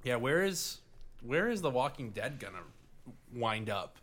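A man's voice: mid-range voice, big pitch swings, measured pace, a bit bright. A man with a Midwestern accent co-hosting a casual podcast, rambling with lots of fillers, restarts and swearing. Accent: Midwestern American. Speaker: podcast co-host. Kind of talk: casual chat.

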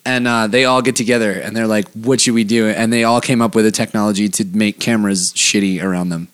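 A man's voice: fairly low pitch, fairly even intonation, fast, a bit bright, clear, resonant tone. A man co-hosting a casual podcast, joking and laughing as he reads listener emails aloud. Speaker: podcast co-host.

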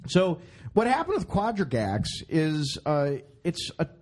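Animated joking man hosting a podcast. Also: on the high side, a little slow. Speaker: podcast host. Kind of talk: casual podcast banter.

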